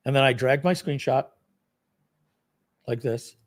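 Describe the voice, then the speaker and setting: Speaking at medium pitch and in no hurry, a man leads viewers through a software demo on a live product launch stream. He's casual and self-deprecating, rambling along with lots of fillers.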